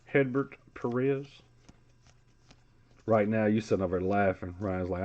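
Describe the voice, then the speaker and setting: A man's voice: on the low side, moderate pace, mellow, muffled recording. A man hosting a live sports card break, calling out player names in a casual, chatty way.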